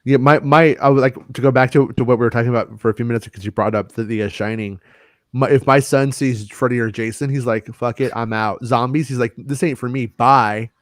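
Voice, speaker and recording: A man's voice: medium pitch, steady tone, brisk, dry recording. Rambling man on a dry, close mic. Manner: rambling storyteller, many restarts and fillers. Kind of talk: casual chat.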